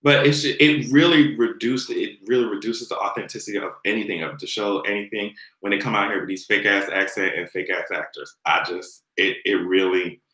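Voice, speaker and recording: A man hosting a casual livestream, ranting about pop culture in an animated, exasperated way and laughing often. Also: on the low side, fairly quick, few pauses, roomy sound, low-quality recording. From Jamaican heritage. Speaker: livestream host. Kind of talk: casual commentary rant.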